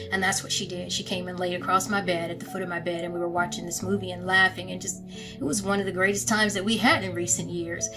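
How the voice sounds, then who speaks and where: A woman giving a somber, measured, plain-spoken personal account to her followers. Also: fairly low pitch, poor audio. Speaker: family member making an announcement.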